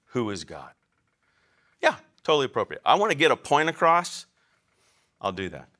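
A man's voice: mid-range voice, huge pitch swings, moderate pace, pushed and bright. A man teaching a class on biblical counseling, lecturing in an emphatic, conversational way and asking the room questions.

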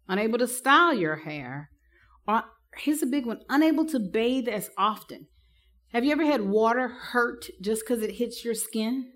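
A woman addresses a room of counselors in a bright, forceful voice that sits a bit high. She tells her stories with humor and acts out the people she quotes. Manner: lively, humorous storytelling with acted-out quotes. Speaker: speaker teaching counselors. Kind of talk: live talk to an audience.

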